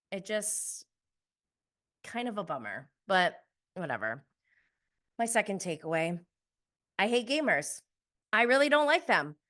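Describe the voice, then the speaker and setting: A woman's voice: lowish voice, pushed and bright. A young adult woman giving a casual, gossipy recap of a reality show, laughing often and acting out contestants' lines.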